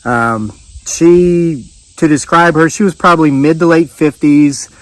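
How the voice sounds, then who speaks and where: An older man vlogs outdoors on a rural homestead, sweating in the heat as he tells a story to camera. His voice is a little high and a little slow, and he rambles in a folksy way with many fillers and restarts. The recording is dry and rough.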